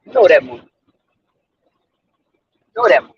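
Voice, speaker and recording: A man's voice: on the high side, sing-song, normal speed, husky. A man hosting his own sports commentary channel, talking in an emphatic, preachy and repetitive way with street slang, on a dull lo-fi recording. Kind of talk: off-the-cuff sports commentary monologue.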